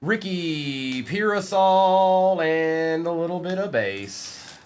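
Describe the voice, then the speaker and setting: A man's voice: on the high side, animated, drawn-out words, a little hiss or hum. A man hosting a live-streamed trading card break, reading out player names and bantering with the chat in a playful way.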